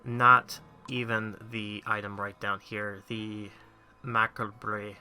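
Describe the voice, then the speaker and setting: Speaking slowly in a low, level, pushed and bright voice with a clean tone, a gaming channel host covers a mobile game's crafting. The casual guide commentary is chatty and rambling as he reasons out loud.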